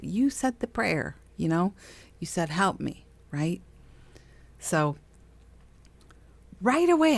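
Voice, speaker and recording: Chatty and quick to laugh, a middle-aged podcast host talks casually about spiritual self-help, doing voices for the people she quotes. Her voice is fairly low, and the recording has no echo.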